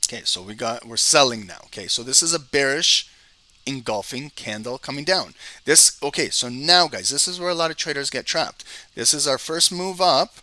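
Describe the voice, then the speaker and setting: A man's voice: medium pitch, expressive, normal speed, bright, forceful tone, no echo. A man giving live screen-share trading commentary, talking straight to his viewers, exasperated, often repeating words as he explains. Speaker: trading educator.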